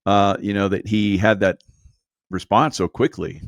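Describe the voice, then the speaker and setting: A man's voice: on the low side, fairly even intonation, unhurried, no echo, clean studio sound. A man hosting a podcast interview, asking curious short questions in casual talk. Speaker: podcast host.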